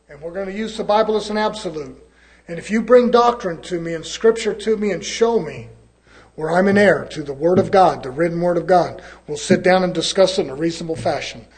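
High-voiced preacher man, fiery and folksy. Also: breathy edge. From California. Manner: folksy, dialect grammar, swings from loud to low. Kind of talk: fiery sermon.

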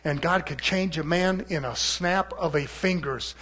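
A man preaching a fervent sermon, swinging from loud, rising shouts to low, quiet stretches. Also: a little slow.

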